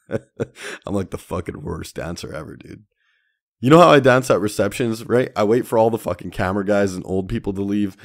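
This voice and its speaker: A man's voice: lowish voice, darkish tone. A young man hosting a solo podcast, telling stories in a slangy, profane way and calling listeners dude and man. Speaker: podcast host. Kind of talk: casual solo podcast monologue.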